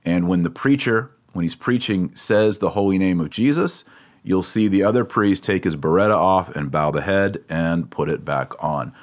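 A man with a very low voice gives a relaxed, chatty lesson on a Latin prayer. He patiently drills pronunciation, saying words slowly and more than once. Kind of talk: casual spoken lesson.

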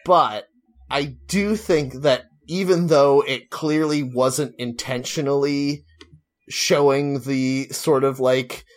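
Male co-host, loose chatty delivery, opinionated, filler-heavy, average pitch. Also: fairly even intonation, slow. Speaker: podcast co-host. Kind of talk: casual chat.

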